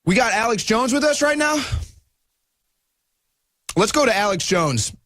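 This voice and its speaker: A man's voice: extremely high pitch, big pitch swings, measured pace, fairly bright tone, no room sound, clean studio sound. A man hosting a talk radio show, giving fired-up, indignant commentary.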